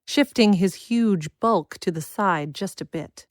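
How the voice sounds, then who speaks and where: A woman reading a children's fantasy story aloud in a measured, expressive style. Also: medium pitch, no room sound, clean studio sound. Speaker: narrator. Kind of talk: scripted audiobook narration.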